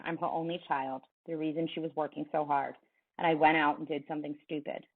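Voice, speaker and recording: A woman teacher reading a novel aloud to her class, with an expressive delivery. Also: sits low. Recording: tinny phone-like sound.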